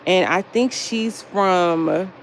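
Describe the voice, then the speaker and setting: Young woman, casual livestream chat, profane, gravelly, faint background noise. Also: fairly low pitch, drawn-out words, low-quality recording. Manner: animated, profane, reads chat aloud. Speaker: livestream host.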